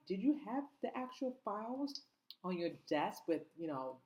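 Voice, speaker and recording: A woman's voice: medium pitch, sing-song, normal speed, darkish tone, poor audio. A woman delivering an impassioned opinion monologue, indignant and full of rhetorical questions, in a casual spoken manner with fillers. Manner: conversational, with fillers and slang. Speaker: commentator.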